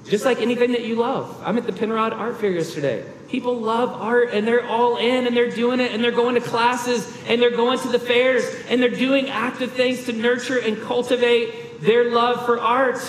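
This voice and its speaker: A man pastor delivers an emphatic, earnest sermon, pressing his points with rhetorical questions. His voice sits high for a man. The sound rings through a long, reverberant sanctuary with a faint room hum behind it. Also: steady tone, moderate pace, hardly any pauses.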